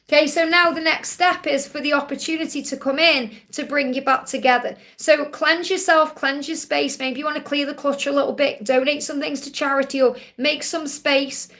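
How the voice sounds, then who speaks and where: This woman has a Stoke-on-Trent accent and a fairly high voice. She hosts a live stream, answering viewers' questions with card readings. She talks gently and reassuringly and repeats her key phrases. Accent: Stoke-on-Trent English. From England.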